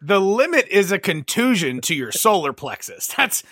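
A man's voice: high voice, moderate pace, no room sound. A man co-hosting a podcast, making dry jokes in a casual chat. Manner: deadpan jokes, frequent "like" fillers. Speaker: podcast co-host.

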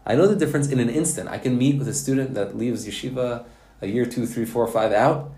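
A man teaching a Torah lesson to yeshiva students, telling stories in a lively, folksy way with Hebrew and Yiddish words. His voice sits at an ordinary middle pitch, and the sound rings in a roomy space. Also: fairly quick. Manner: animated, folksy storytelling with Hebrew and Yiddish terms. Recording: roomy echo.

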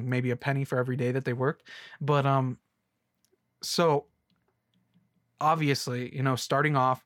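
A man's voice: medium pitch, dry recording, studio quality. A young man ranting casually about a movie, rambling and sarcastic, with many restarts. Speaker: movie reviewer.

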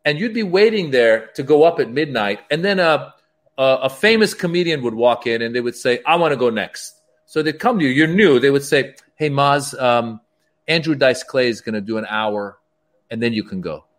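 A stand-up comedian telling stories as a guest, acting out the dialogue in raised voices. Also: male voice, mid-range voice, moderate pace. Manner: animated, acts out quoted dialogue in raised voices. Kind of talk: storytelling as a podcast guest.

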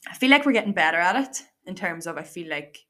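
Chatty Irish woman, slightly low voice. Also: expressive, fast talker, a bit bright. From Ireland. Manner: chatty, lots of fillers and quoted asides. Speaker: podcast host. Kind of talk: casual solo podcast monologue.

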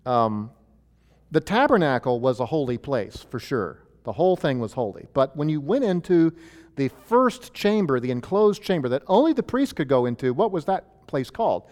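A man's voice: fairly high pitch, big pitch swings, normal speed, darkish tone, in a large hall. A male pastor teaching a sermon from a chart, talking in a conversational way with many fillers and restarts.

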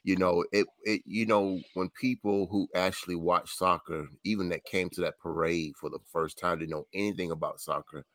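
Very deep, bright-toned man on a sports panel. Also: fairly even intonation, moderate pace, hardly any pauses, dry recording. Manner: earnest and emphatic. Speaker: co-host. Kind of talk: casual sports talk.

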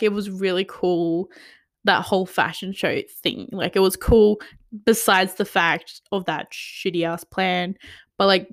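A young woman recapping a TV episode in a casual rant, full of "like", swearing, and drops into whispers of disbelief. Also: mid-range voice. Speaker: TV recap vlogger.

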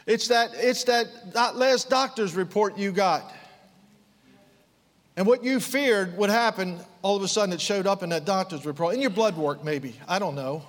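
A man preaching with fervent conviction, his high voice climbing into impassioned outbursts before sinking to hushed, low asides. The sound carries the long reverb of a large hall. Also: normal speed. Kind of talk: sermon.

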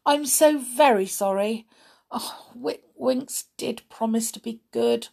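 A kind, gentle young girl from a storybook, soft and caring, lifted a little higher by the woman reading. She sounds sweet and sympathetic. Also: slow pace, vocal fry, heavily acted. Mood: worried.

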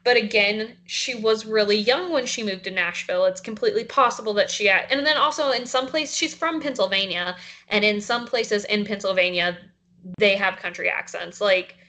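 Young woman, light Southern accent, bright tone, casual podcast chat, filler-heavy. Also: medium pitch, normal speed. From South Carolina. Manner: animated, many "like" fillers. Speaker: podcast co-host.

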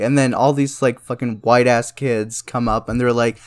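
A young man co-hosting a casual chat, swearing often and laughing through animated banter. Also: medium pitch, normal speed. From South India. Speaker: podcast co-host.

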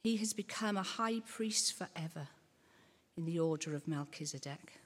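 A woman reading a Bible passage aloud in a measured, solemn way during a church service. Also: sits low. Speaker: scripture reader. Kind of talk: scripture reading. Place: church hall. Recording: long hall reverb.

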